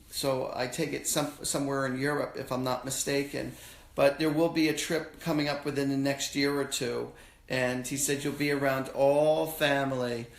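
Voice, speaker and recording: Casual, halting male psychic in echoey room. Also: mid-range voice, creaky. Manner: casual, halting, relays spirit messages in slangy quotes. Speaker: psychic medium host. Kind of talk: live-stream readings for callers.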